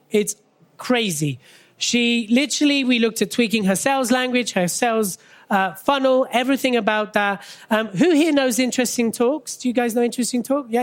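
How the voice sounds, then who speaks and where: A lively speaker on an expo stage delivers a motivational business talk into a stage microphone. The delivery is conversational and punchy, with frequent quick questions to keep the audience involved. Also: medium pitch. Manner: keeps checking in with the audience through quick questions; energetic, conversational, punchy short phrases. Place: stage at a live expo event.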